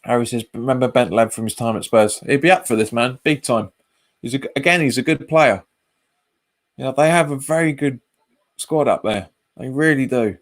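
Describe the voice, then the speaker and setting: A man's voice: medium pitch, moderate pace. A man hosts a live football watch-along. He chats casually, repeats his phrases and reads viewer comments aloud. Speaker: fan channel host.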